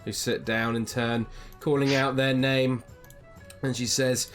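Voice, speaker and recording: A man's voice: mid-range voice, little pitch movement, unhurried, faint music behind. A man running a tabletop game as game master, narrating casually with lots of ums. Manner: casual, rambling with many ums.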